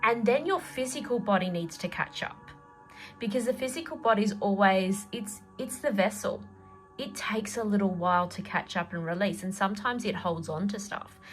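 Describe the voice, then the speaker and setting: A middle-aged woman who is a tarot reader and energy healer gives a casual spoken tarot reading, chatty and rambling, with many fillers and laughs. Her voice is medium-pitched at a moderate pace, over soft background music.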